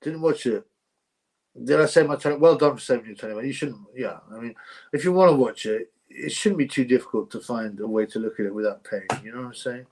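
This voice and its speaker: A man's voice: mid-range voice, fairly quick, a little mellow, slightly rough. A man hosting a casual livestream, reading out viewer comments in a chatty, rambling way and laughing often. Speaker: livestream host.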